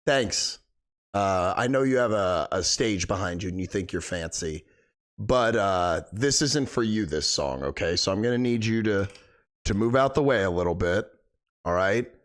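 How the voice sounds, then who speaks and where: Animated male game streamer. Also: on the low side, moderate pace. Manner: rambling, animated, thanking viewers. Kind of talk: casual live-stream chat.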